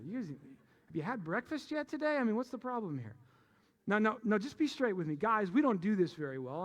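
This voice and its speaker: A man preaching a sermon as pastor, animated and playful, teasing the congregation and calling for amens. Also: high-pitched.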